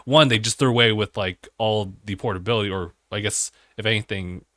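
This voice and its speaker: A young man co-hosting a gaming podcast, chatting in a relaxed, easygoing way. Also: on the low side, brisk, no room sound, studio quality. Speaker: podcast co-host. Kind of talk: casual chat.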